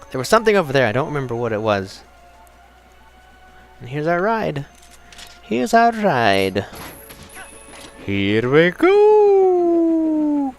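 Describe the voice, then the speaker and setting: A young man casually commenting while he plays a video game, excitable and rambling, with game music behind him. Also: mid-range voice. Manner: excitable, chatty, rambling with restarts. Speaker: let's play host.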